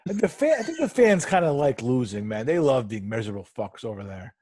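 A man co-hosting a podcast, talking bluntly and swearing as he complains. His voice is husky, recorded dry and close. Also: medium pitch, big pitch swings, brisk, a little mellow, no room sound. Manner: profane, blunt. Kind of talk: casual chat.

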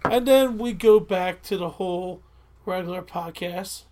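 A woman's voice: medium pitch, normal speed, warm tone, a little hiss or hum. A woman with a Delco accent from Delaware County, Pennsylvania, co-hosting a podcast in casual chat, rambling, restarting her sentences and often apologizing. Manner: rambling, self-interrupting, apologetic. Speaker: podcast co-host.

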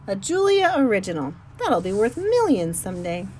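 A woman voicing a gentle, eager young schoolgirl in an audiobook, earnest and quick to plead. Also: mid-range voice, sing-song, slight background noise, natural voice. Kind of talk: audiobook character voice.

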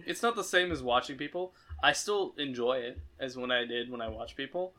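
Casual male co-host, bright forceful tone, easygoing and profane. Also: mid-range voice, a little fast. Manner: laid-back, swears freely, laughs easily. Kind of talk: casual chat.

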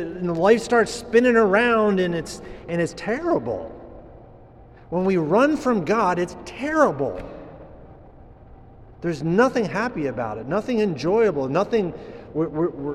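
A man preaching a homily in a relaxed, conversational way, often halting and restarting his phrases, in a church. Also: high voice, big-room sound, slight background noise. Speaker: priest.

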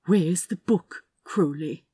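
A woman voicing a prim, formal gentleman who speaks in polite, clipped, insistent phrases. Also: lowish voice, slow, husky, no room sound, exaggerated voice.

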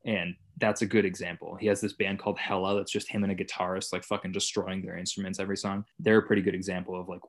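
A young adult man guesting on a podcast in casual chat, laid-back and swearing freely. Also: low-pitched. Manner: laid-back, swearing, mock-enthusiastic bursts.

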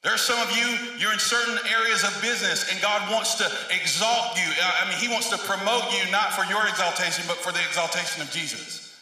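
Male preacher, high sharp voice, storytelling sermon, heard from far off in a big reverberant hall. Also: brisk. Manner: storytelling, rising to emphatic shouted peaks. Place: large echoey church hall.

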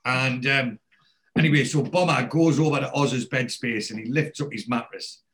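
A man's voice: medium pitch, brisk. A man casually retelling a TV episode as a podcast host, rambling with many restarts and fillers.

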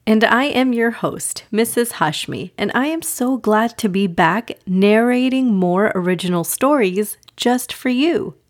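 Slow, gentle woman storyteller. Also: fairly high pitch, lively intonation, dry recording, studio quality. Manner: gentle, warm-hearted storytelling for kids. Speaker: podcast host and storyteller. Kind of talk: children's story narration.

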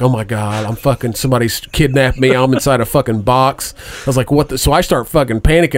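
A middle-aged man spins a long, profane story in a loose, rambling way and laughs at his own tale. His voice sits at an ordinary middle pitch. The sound is close and dry, with no room around it. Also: dry recording. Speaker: storyteller in a casual podcast chat. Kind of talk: casual chat.

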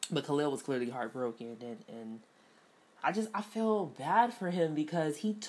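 A woman's voice: deep voice, moderate pace, a little mellow. A woman casually reviewing a TV episode, chatty, with lots of fillers and frequent laughs. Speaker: TV show reviewer.

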